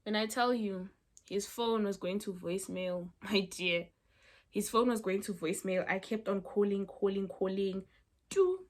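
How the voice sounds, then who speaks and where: A young woman, telling a storytime in a chatty, animated way with asides to her viewers. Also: medium pitch, unhurried. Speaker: storyteller vlogger. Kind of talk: casual storytime chat.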